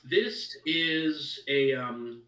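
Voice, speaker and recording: A man narrating a tabletop game as dungeon master in a casual, halting way. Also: mid-range voice, fairly bright tone, reverberant, far from the mic, low-quality recording.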